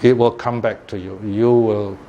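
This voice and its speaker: A man giving a dharma talk, telling a parable in a lively, animated way and often laughing. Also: fairly low pitch, moderate pace, lo-fi sound, a little hiss or hum. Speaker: Buddhist teacher.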